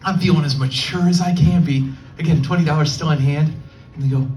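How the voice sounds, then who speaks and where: A young adult man performing a stand-up set, telling a story and quickly slipping into the voices of people he quotes. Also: fairly high pitch, steady tone, mellow, a little hiss or hum. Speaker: stand-up comedian. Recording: distant mic, faint room ambience.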